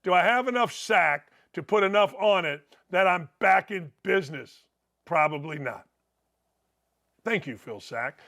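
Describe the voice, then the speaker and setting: A middle-aged man hosting a sports talk show, rambling and excitable, breaking into loud shouts as he talks betting. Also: high voice, a little slow, vocal fry.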